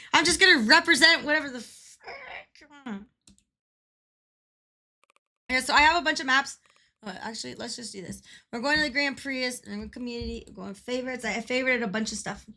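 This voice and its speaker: Excitable, foul-mouthed woman streamer. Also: fairly high pitch. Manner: excitable, swears a lot, laughs often. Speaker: livestreamer. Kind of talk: live gaming commentary.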